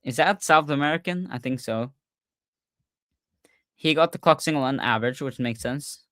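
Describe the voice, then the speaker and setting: A man hosting a casual livestreamed podcast, talking excitedly and often restarting his sentences with fillers. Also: mid-range voice, moderate pace, dry recording, studio quality. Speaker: podcast host.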